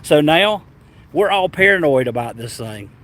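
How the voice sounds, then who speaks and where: A man with a Southern US accent, telling a travel story to his vlog audience in a rambling, animated way with stammered restarts. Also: fairly high pitch, normal speed. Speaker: travel vlogger. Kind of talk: casual storytelling.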